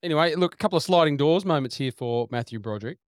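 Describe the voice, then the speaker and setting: A man co-hosting a movie podcast, briskly reading out trivia about actors. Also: on the high side, expressive, dry recording, clean studio sound. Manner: brisk, reads out facts. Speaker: podcast co-host presenting trivia. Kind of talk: casual movie podcast chat.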